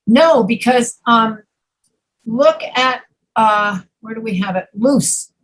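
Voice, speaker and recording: A woman teaching an English pronunciation class, patiently repeating words slowly to demonstrate sounds. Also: on the high side, rough recording. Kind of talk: online pronunciation lesson.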